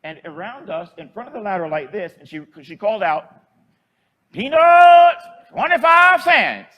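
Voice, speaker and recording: A priest with a fairly high voice tells a homespun story from the pulpit. His delivery is conversational and folksy, and he chuckles as he goes. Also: animated, a little fast. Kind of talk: storytelling homily.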